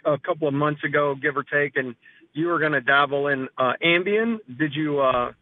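A man's voice: fairly high pitch, moderate pace, no echo. A man calling into a radio show over the phone, chatty and incredulous. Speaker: caller. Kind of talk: casual phone-in chat. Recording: tinny phone line.

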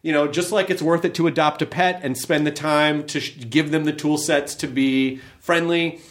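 A man with a fairly high voice talks in a loose, casual conversation. He is animated and laughs easily, often breaking off his sentences and starting them again. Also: moderate pace.

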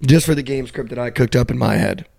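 A young man co-hosting a casual sports betting talk, animated as he tells a story and mimics a stranger in a flat voice. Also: mid-range voice, fast, gravelly, dry recording. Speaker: podcast co-host.

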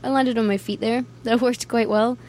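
A woman's voice: a little high, steady tone, moderate pace, a little mellow. A woman with a Scottish accent, a musician guest in a casual interview, chatty and self-deprecating, laughing often as she talks. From Scotland.

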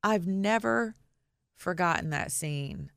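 Low-voiced woman hosting a frank chat. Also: slow, creaky, smooth, no echo, studio quality. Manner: frank, animated, reads listener comments aloud. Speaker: podcast host. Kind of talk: casual chat.

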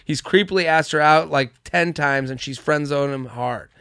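A man's voice: a little high, moderate pace, a bit bright, smooth, no room sound, clean studio sound. A man hosting a casual podcast, reading listener emails aloud in a chatty way and laughing often. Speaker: podcast host.

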